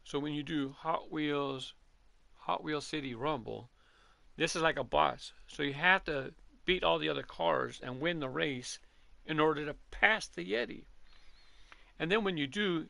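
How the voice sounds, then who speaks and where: Gravelly, bright-voiced middle-aged man. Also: fairly high pitch, normal speed, no room sound. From Southern California. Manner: chatty, rambling, self-correcting. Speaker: gaming channel host. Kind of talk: casual gameplay commentary.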